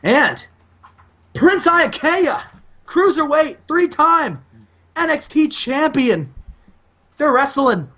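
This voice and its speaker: Man, gaming host, casual recap commentary, lively pitch, muffled lo-fi audio. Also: slow, long pauses. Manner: chatty, recaps events, acts out lines.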